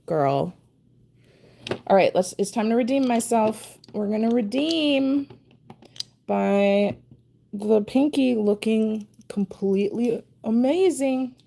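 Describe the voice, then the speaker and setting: Slow, gravelly-voiced woman chatting on a live stream. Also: fairly high pitch, mellow, a little hiss or hum. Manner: self-deprecating, talks to herself while concentrating. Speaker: nail art streamer. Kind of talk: casual live-stream chat while painting nails.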